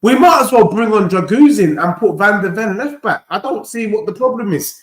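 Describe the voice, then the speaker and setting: Slangy fan reacting live. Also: male voice, high voice, fairly quick, roomy sound. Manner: animated, slangy banter reacting to play. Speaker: fan channel host. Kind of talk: live football watchalong commentary.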